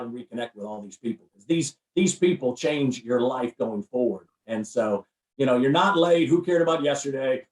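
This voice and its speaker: Energetic motivational man, roomy distant sound. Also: mid-range voice. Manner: preacher-like, repetitive, emphatic. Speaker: guest, recruiting firm CEO and speaker.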